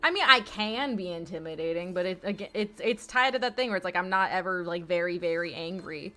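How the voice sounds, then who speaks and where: A woman's voice: lowish voice, a little fast, sharp tone, faint music behind. A young woman streaming a video game from home, rambling in casual, self-deprecating commentary full of swearing and laughter. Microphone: streaming mic with webcam.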